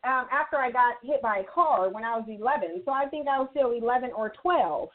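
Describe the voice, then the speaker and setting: A woman's voice: on the high side, animated, a little fast. A woman co-hosting a talk show, speaking earnestly and measuredly about her own experiences. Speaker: co-host. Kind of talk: personal, opinionated talk show discussion. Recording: tinny phone-line sound.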